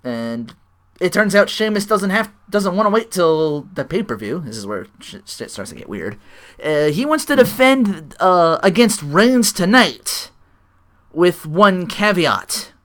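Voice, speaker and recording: A man's voice: high-pitched, sing-song, a little slow, a bit bright. A man co-hosting a casual podcast, recapping a wrestling show and laughing often. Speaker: podcast co-host.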